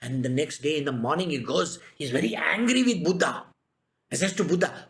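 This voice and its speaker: A man's voice: fairly high pitch, expressive, a little fast, gravelly, a bit bright. A man giving a spiritual discourse as a teacher, telling stories and firing rhetorical questions at his listeners. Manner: emphatic, rhetorical questions, storytelling.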